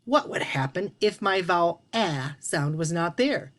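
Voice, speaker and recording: Slow, patient woman teaching children. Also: fairly low pitch, expressive. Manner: patient, encouraging, speaks to young children. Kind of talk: children's phonics lesson.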